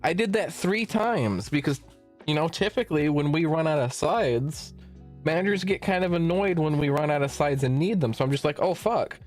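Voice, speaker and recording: A man's voice: a little high, normal speed, faint music behind. A young man streamer casually telling a long work story, swearing freely and acting out the dialogue in it. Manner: animated, swearing, acts out quoted dialogue.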